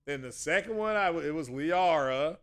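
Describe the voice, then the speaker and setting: High-voiced man rambling casually on stream. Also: lively intonation, normal speed, fairly bright tone. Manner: rambling, chatty, many self-corrections. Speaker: channel host. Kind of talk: casual livestream chat with viewers.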